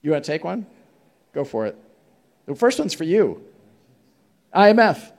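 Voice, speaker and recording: A man's voice: fairly high pitch, sing-song, measured pace. A man moderating a conference panel, reading out audience questions in a playful way.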